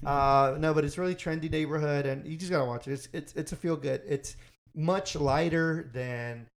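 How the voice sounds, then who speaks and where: A man's voice: fairly high pitch, moderate pace, creaky. Young man rambling on his podcast. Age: young adult. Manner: rambling, self-correcting, recommends shows. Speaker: podcast host. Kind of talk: casual podcast chat.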